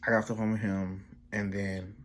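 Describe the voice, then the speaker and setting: A man's voice: on the low side, little pitch movement, brisk, a little hiss or hum. A young man casually telling a personal story for his vlog, rambling with slang and restarts and quoting his family in their own voices. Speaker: vlogger.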